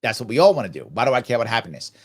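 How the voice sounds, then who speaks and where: A middle-aged man hosting a live ask-me-anything stream, answering viewer comments in an animated, preachy way and acting out little imagined dialogues. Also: mid-range voice, rapid-fire, slightly rough. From New York. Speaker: livestream Q&A host.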